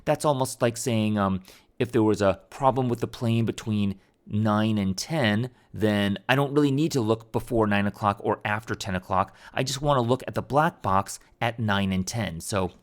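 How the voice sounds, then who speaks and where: A man's voice: fairly low pitch, moderate pace. A man teaching a programming tutorial over a screen recording, talking casually and thinking aloud with fillers and restarts.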